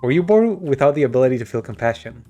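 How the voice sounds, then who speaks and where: A man's voice: medium pitch, big pitch swings, fast talker, mellow, soft background music. A man giving casual, joking commentary while playing a game, with laughing asides. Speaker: game streamer.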